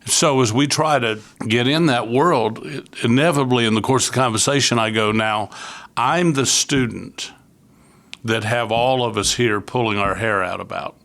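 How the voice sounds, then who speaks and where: A man's voice: mid-range voice, normal speed, hardly any pauses, fairly bright tone. An older man from Florida, a youth ministry leader, giving an earnest, conversational testimony as a podcast guest and acting out the voices he quotes.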